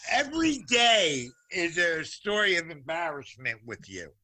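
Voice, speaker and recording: A man, a guest who teaches occult classes, telling animated stories in a playful, teasing way and mimicking the people in them. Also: a little high, unhurried, no echo. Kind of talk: animated storytelling.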